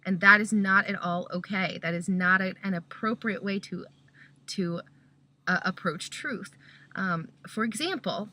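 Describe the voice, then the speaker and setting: A woman's voice: medium pitch, a little slow, pushed and bright. A Christian mother giving a casual spoken talk, explaining step by step and often checking in with "okay?".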